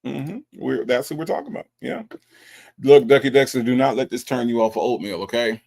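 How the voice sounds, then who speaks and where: A man hosting a live stream, chatting casually and teasing his chat with an animated delivery. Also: mid-range voice, brisk, vocal fry. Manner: animated, teasing, mocks chat with exaggerated voices. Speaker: livestream host.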